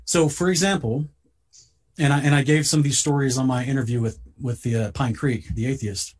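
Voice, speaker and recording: A man with a slightly husky, breathy voice speaks at an ordinary pitch. He tells a personal story in casual podcast talk, earnest and a bit halting, repeating words as he gets going. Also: steady tone, a little mellow.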